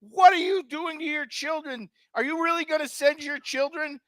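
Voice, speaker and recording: A man hosting a sports talk show, ranting sarcastically and swearing freely in an animated way. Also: extremely high pitch, normal speed, dry recording. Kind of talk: comedic sports talk rant.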